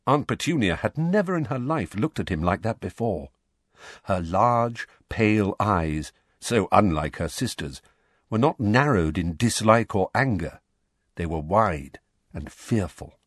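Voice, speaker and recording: A man narrating an audiobook in an expressive storytelling manner. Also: fairly low pitch, measured pace, no room sound, studio quality. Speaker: audiobook reader. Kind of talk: scripted narration.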